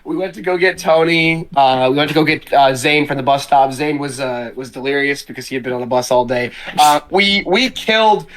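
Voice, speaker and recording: A man's voice: fairly high pitch, a little fast, hardly any pauses, a bit bright. A young man from Canada hosting a podcast, telling stories in rambling, jokey casual chat with plenty of swearing. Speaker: podcast host.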